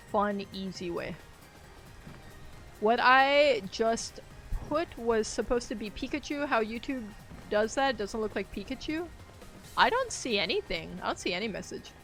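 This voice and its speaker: A woman with a mid-range, fairly bright voice streams a game and chats casually. She rambles along and laughs easily as she plays.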